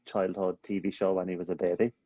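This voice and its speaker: A man hosting a podcast, firing off quick playful questions and laughing easily. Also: low-pitched, level tone, dark tone, highs cut off. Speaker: podcast host. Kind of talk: rapid-fire interview questions.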